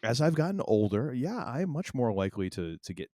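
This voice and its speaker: A middle-aged man co-hosting a podcast, telling a story in casual chat and acting out family quotes with animated energy. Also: medium pitch, brisk, no room sound, studio quality. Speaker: podcast co-host.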